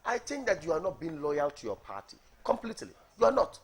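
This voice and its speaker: A man's voice: a little high, very animated, brisk, husky. A man, a party coordinator arguing emphatically as a guest in a TV studio, repeating words for stress. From Ghana. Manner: emphatic, repeats words, asks "are you getting me". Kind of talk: heated political debate on morning TV.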